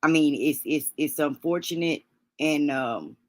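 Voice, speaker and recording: A woman hosting a livestream, talking haltingly through grief with many pauses and restarts, sniffling as she holds back tears. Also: low voice, darkish tone, no echo. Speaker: livestream host. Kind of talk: emotional livestream talk.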